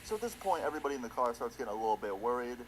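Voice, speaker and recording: A man's voice: medium pitch, sing-song, racing, noisy background. A young man casually narrating a storytime video in a laid-back, slangy way with casual swearing. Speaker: storytime YouTuber.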